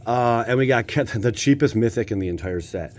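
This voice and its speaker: A man's voice: mid-range voice, fairly quick, a little mellow. An American man hosting a casual pack-opening video, joking and talking straight to his viewers. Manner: playful, jokey, talks to viewers. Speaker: channel host opening card packs.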